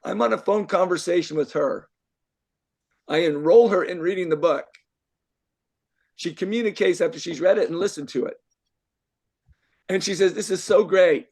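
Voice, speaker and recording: In an event room before a live group, an older man who works as a life coach gives a forceful motivational speech, full of repetition and rhetorical questions. His voice is high and gravelly, moving at a moderate pace with frequent pauses.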